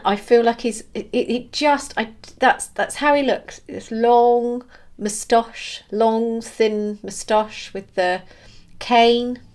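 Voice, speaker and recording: Woman vlogger, slightly high voice, unhurried and halting, earnest reflective spiritual monologue. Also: darkish tone. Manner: halting, searching for words with many restarts; earnest and openly emotional.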